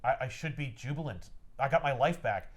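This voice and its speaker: A man voicing a brooding young male superhero in a flat, glum paraphrase, close to his own voice. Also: mid-range voice, a little fast, close to an everyday voice.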